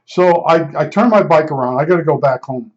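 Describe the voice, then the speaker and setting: Older man, slightly higher voice, rambling blunt storyteller, dull lo-fi sound. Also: a little fast. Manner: rambling, repeats himself, blunt and emphatic. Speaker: podcast storyteller. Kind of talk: casual spoken storytelling.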